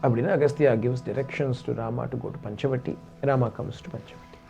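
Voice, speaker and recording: A man telling a sacred story in an animated discourse, slipping between languages. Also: medium pitch, very fast, creaky. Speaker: spiritual teacher. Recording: dull lo-fi with faint music.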